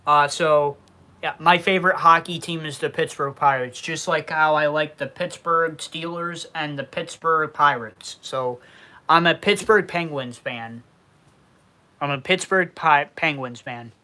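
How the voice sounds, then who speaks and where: Twenties guy, western new york accent, loud and cussy, chatting on his livestream, tense bright voice. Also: a little high, a little slow. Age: 20s. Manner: loud, heavy casual cursing. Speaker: YouTube livestream host. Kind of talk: casual livestream Q&A, reading chat.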